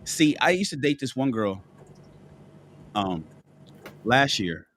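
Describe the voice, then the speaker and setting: A man's voice: mid-range voice, very animated, slow, fairly bright tone, a little hiss or hum. A man who is sick and lying down, talking bluntly and profanely as a panelist in a casual chat, with many restarts and a cough. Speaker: panelist on a live call-in show. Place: at home in bed.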